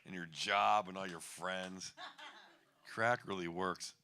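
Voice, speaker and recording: A man's voice: low-pitched, steady tone, slow pace, pushed and bright. A man in his fifties doing a stand-up comedy set on a bar stage, wry and rambling, chuckling at his own jokes.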